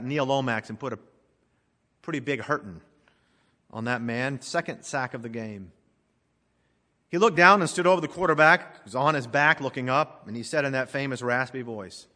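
A man preaching a sermon as pastor, emphatic, swelling loud then dropping to a hush. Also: mid-range voice, in a large hall.

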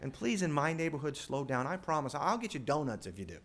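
A man voicing a timid police officer who pleads softly and politely. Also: fairly high pitch, very animated, quick pace. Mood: wheedling.

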